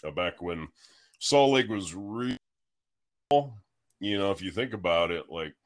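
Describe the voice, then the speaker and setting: Deep man with a lively voice. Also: slow. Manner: laughs often, chimes in with short reactions. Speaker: podcast co-host. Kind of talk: casual chat.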